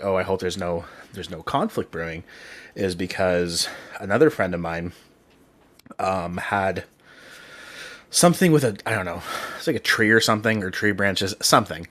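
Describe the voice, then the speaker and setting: Host, male, casual podcast chat, rambling storyteller, a bit low. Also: moderate pace, a bit bright. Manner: rambling storyteller, heavy on "um", "like" and "right?".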